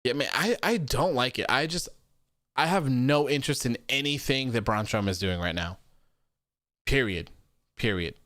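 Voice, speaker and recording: A man's voice: medium pitch, lively intonation, brisk, a bit bright, dry recording, clean studio sound. Blunt, opinionated male live-stream host. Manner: blunt, opinionated, reads viewer comments aloud. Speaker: host of a wrestling show. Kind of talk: live-stream casual chat. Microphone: studio microphone.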